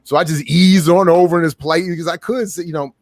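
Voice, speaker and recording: Animated storytelling man, dry sound. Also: a little high, quick pace, dry recording. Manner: animated storyteller, acts out quotes. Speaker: show co-host. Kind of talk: casual chat.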